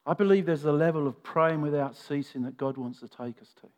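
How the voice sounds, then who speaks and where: A man preaching a sermon, retelling a scripture story with expressive, earnest delivery. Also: fairly high pitch, brisk. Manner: expressive storytelling, shifting from animated to soft and earnest.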